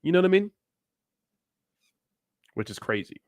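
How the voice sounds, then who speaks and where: A young Southern California man hosts a crypto livestream, reading viewer comments while joking, laughing, and chatting in a casual, crude way. His voice sits high and is very animated, though his pace stays measured. The recording is dry and studio quality.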